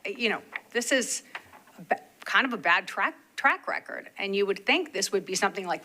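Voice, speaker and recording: A woman's voice: mid-range voice, expressive, normal speed, sharp tone. A woman chairing a public hearing, pointed and a little exasperated as she questions. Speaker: board chair. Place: public meeting room.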